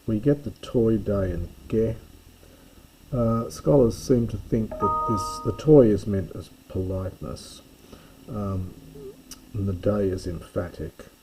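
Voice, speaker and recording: A man giving a careful, explanatory close reading of a Greek play as a lecturer, pausing to correct himself. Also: fairly low pitch, background noise. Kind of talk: slow scholarly close reading.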